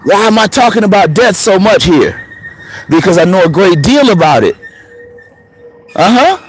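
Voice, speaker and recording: A man in his thirties hosts a show, telling a story in a casual, profane monologue at normal speed. He laughs often, and his pitch swings widely between preacher-like highs and quiet murmurs.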